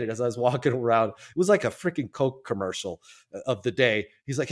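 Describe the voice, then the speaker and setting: A man of fifty, a guest on a podcast, telling his life story in a casual, animated way and acting out the voices of the people in it. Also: medium pitch, fast. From Colorado, US. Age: 50s. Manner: animated storyteller, acts out quoted voices, repeats words.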